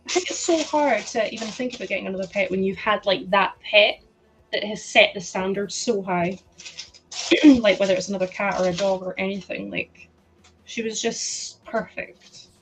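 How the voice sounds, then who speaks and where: Woman streamer, mid-pitched, casual rambling chat with her viewers. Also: moderate pace, a little hiss or hum, poor audio. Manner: chatty, rambling, many "like" fillers, frequent laughs. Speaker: livestream host. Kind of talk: casual chat to a live chat while sorting.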